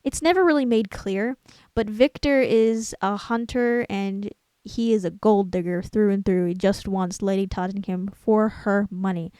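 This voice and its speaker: A young woman talks through a film in a loose, rambling way. She breaks off to hunt for the right word and pokes fun at herself. The sound is dry and close, with her voice sitting at a middle pitch. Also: a little slow, mellow, smooth, no echo. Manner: rambling, self-deprecating, searching for words aloud. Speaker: channel host. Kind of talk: casual film commentary.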